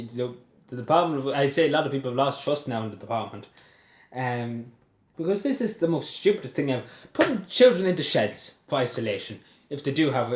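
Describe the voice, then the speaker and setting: A young Irish man angrily ranting to his camera at home, swearing and laughing bitterly at what he reports. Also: medium pitch. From Ireland. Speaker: vlogger. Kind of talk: angry ranting commentary to camera. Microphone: phone or camera set on its side. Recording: echoey room.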